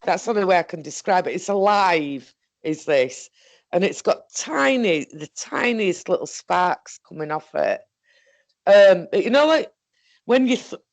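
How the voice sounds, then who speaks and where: A woman with a Northern English accent telling a story in a casual, halting, rambling way, swearing often. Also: fairly low pitch, a little mellow, dry recording. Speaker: guest recounting an experience.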